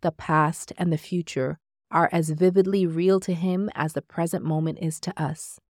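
A woman with a fairly low voice reads a devotional text in steady, measured narration. The recording is close and dry, with no room sound, and she calls out each quotation plainly. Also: no room sound. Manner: measured, steady reading that marks each quote aloud. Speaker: reader of a devotional book. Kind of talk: scripted narration reading aloud.

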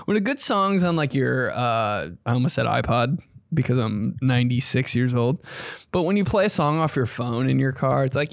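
A man's voice: medium pitch, animated, moderate pace, dry recording, studio quality. A man hosting a comedy podcast, telling stories in a rambling, profane way and acting out the people he quotes. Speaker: podcast host and stand-up comedian. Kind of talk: casual comedic storytelling.

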